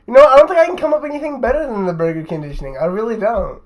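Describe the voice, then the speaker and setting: A man's voice: very high voice, racing, highs cut off. A young man, a podcast host, telling a rambling, profane story in casual chat and tacking "right?" onto his sentences.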